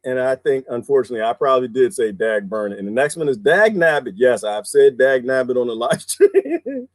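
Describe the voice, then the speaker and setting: A man's voice: medium pitch, big pitch swings, normal speed, a little mellow, no room sound. A middle-aged man with a Southern US accent, chatting casually on a livestream and laughing often as he reads lists aloud. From American South. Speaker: livestream host.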